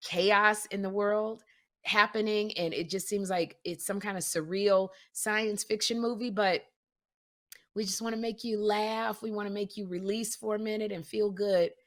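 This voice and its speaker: A woman co-hosting a podcast, talking in an animated, self-deprecating, storytelling way. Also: mid-range voice, moderate pace. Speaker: podcast co-host. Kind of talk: casual chat.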